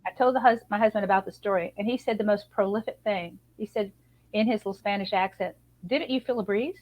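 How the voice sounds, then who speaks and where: A woman speaking from a video call tells a story with lively, chatty energy and an easy laugh. Her voice sits at a middling pitch. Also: fast, poor audio. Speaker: guest author and image consultant.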